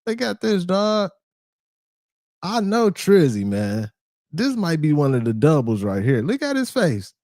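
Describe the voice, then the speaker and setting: A man's voice: fairly high pitch, wildly swooping pitch, measured pace, a little mellow. A man co-hosting a reaction video, joking and sounding incredulous. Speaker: reaction channel co-host. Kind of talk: casual reaction commentary.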